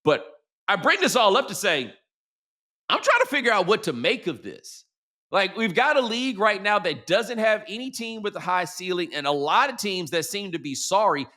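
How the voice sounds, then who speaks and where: A man's voice: high voice, very animated, moderate pace, sharp tone. A middle-aged man hosting a sports talk show, talking in a casual, slangy, conversational way.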